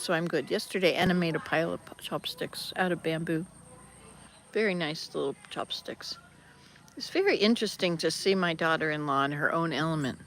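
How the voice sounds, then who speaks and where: Filming by a hut on a handheld camera, an older woman vlogger talks casually about her travels, rambling and correcting herself along the way. Her voice sits on the low side with a fairly bright tone, and there's a little hiss or hum.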